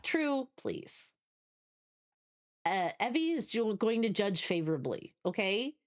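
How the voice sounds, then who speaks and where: A woman's voice: mid-range voice, big pitch swings, takes it slowly. A woman with a New Jersey accent streaming a game, chatting with her viewers in a casual, swearing, talkative way. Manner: chatty, swears, talks to chat, restarts often. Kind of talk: casual live stream chat.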